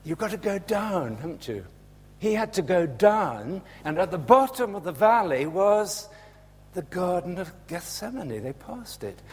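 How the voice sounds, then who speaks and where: A man preaching a sermon in a church, slow and animated, dropping to a hush and rising again. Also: high voice, husky. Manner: slow, animated, swings from loud to hushed. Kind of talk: Palm Sunday sermon. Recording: echoey church hall with long reverb.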